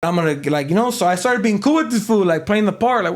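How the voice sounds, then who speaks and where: A man's voice: high-pitched, lively intonation, fast. A man being interviewed, telling a long story in a loose, slangy way with lots of fillers. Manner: loose, slangy, rambling delivery with many fillers. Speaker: interview guest.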